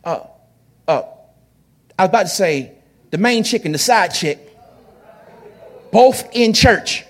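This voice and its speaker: A middle-aged pastor preaching a lively, joking sermon that bursts into shouts at its peaks. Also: male voice, high-pitched, slow.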